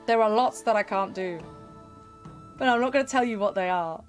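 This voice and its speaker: A woman's voice: mid-range voice, moderate pace, soft background music. A young woman chatting casually with her viewers while she plays a game, giggling and humming little sound effects. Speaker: game streamer. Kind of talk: casual live-stream chat.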